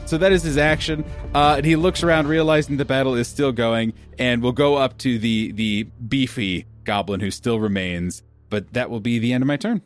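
A man at a tabletop game describes his hero's swings with loose, joking asides. His voice sits at an ordinary middle pitch. Faint music runs under the talk. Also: moderate pace, hardly any pauses. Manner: joking, rambling storyteller. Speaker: player. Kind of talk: playing a tabletop game, casual banter.

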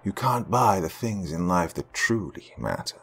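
Calm, smug carnival painter, deep and deliberate, voiced by a man. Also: gravelly, breathy edge, exaggerated voice. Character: mysterious male carnival artist, calm and smug.

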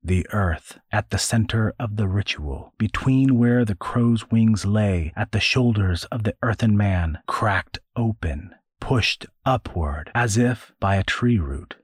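A man reading a dark fantasy story as narrator, in a slow, measured way. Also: on the low side, breathy edge, no room sound, clean studio sound. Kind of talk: scripted narration.

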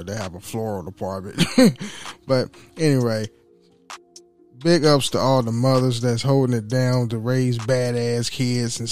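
A man's voice: mid-range voice, a little mellow. A man hosting his own podcast, chatting casually, joking, laughing often and swearing loosely. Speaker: podcast host. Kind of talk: casual solo podcast chat.

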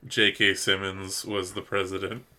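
A man co-hosting a podcast in casual chat, excitable, laughing and swearing often. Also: sits low, normal speed. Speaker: podcast co-host.

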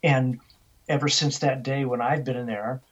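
An older man's husky, breathy voice at a middle pitch tells a story for an interview. He tells it with animation and often restarts and repeats words. The recording sounds dull and lo-fi. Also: steady tone, normal speed. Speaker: interview guest.

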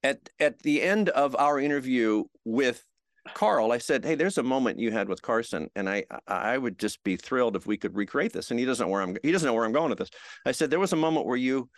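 An older American man, a veteran TV host, telling showbiz anecdotes in a relaxed interview and acting out the quotes. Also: mid-range voice, fairly quick, no room sound, clean studio sound. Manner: animated anecdotes, acts out quotes. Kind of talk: storytelling chat.

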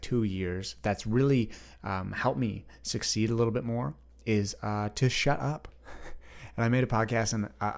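A young man hosting a solo podcast, chatting freely and rambling straight to his listeners. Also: lowish voice. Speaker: podcast host. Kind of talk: unscripted solo podcast chat.

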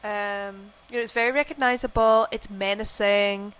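A woman's voice: mid-range voice, steady tone, normal speed, fairly bright tone, smooth. A young woman co-hosting a podcast, chatting casually about a film, gushing and full of fillers and restarts. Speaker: podcast co-host. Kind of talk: casual film-review chat.

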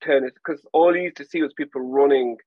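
A man from England chatting casually on a podcast, animated and telling stories while acting out voices. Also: on the high side, brisk, no echo, phone-quality sound. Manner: animated storyteller, acts out voices. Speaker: podcast guest. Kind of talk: casual chat.

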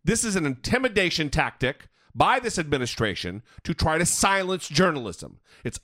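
A male podcast host delivers heated political commentary with frequent profanity. His voice runs high for a man and swings widely in pitch as he builds emphasis. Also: moderate pace, few pauses, dry recording, clean studio sound. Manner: animated, profane, ranting.

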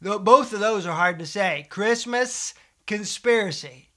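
A middle-aged man delivers a mock sermon in a high, bright voice. He keeps a folksy preacher cadence, full of fillers and restarts, and stays deadpan. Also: normal speed. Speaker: comedic host of a satirical show. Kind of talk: deadpan satirical preacher monologue.

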